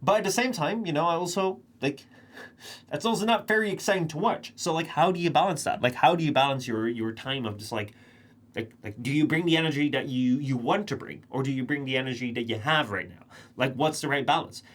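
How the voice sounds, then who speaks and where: A man's voice: fairly high pitch, a little fast, fairly bright tone. A young man streaming live, talking casually to his chat in a rambling, think-aloud monologue.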